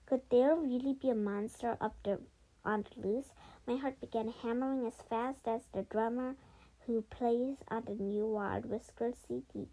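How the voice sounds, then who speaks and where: A woman reading a children's storybook aloud, halting often and correcting her own slips as she goes. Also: fairly high pitch, dark tone, poor audio. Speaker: storybook reader.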